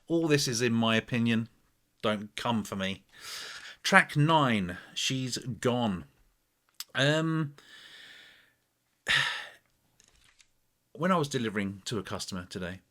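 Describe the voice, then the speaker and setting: A man's voice: lowish voice, fairly bright tone. Rambling man reviewing an album. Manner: rambling, chatty, many fillers and asides.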